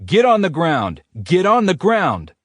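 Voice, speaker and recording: A man voicing an aggressive male police officer who barks loud orders. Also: high voice, wildly swooping pitch, unhurried, no room sound, clean studio sound, pitched above the performer's own voice, exaggerated voice.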